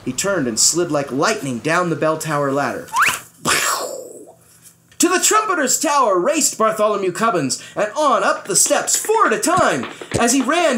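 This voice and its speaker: Brief: animated female bedtime-story reader, bright and expressive, faint noise. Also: mid-range voice, normal speed. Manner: lively, expressive storybook reading. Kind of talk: read-aloud bedtime story.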